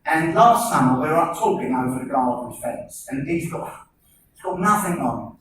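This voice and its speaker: A man's voice: medium pitch, expressive, moderate pace. A man, doing rambling stand-up comedy and teasing audience members by name. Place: live comedy venue with audience laughter. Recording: echoey venue, distant mic, noisy audience.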